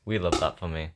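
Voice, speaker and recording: A man's voice: low voice, very noisy. A young man at home with a sore throat, rambling and joking at himself as he works on a song. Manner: rambling, self-mocking, thinking aloud. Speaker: songwriter. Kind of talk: casual chat while writing a song.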